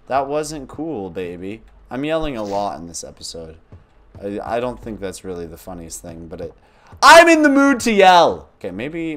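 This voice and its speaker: A young man casually commentating a spooky babysitting game, joking, talking to the baby, and breaking into sudden yells. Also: mid-range voice. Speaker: gaming channel host.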